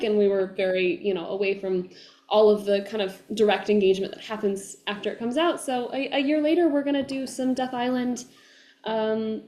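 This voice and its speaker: A woman voice actor chatting as an interview guest, animated and full of fillers, acting out fans' excited voices. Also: mid-range voice. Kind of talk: casual interview chat. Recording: echoey room.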